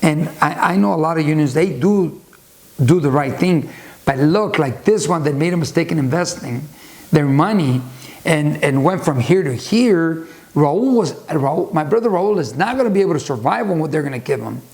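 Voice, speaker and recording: A man's voice: a little high, lively intonation, normal speed, gravelly, darkish tone. A man hosting a video channel, talking casually and rambling through a book recommendation with many restarts and side stories. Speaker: YouTube host discussing a book. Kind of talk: casual unscripted talk.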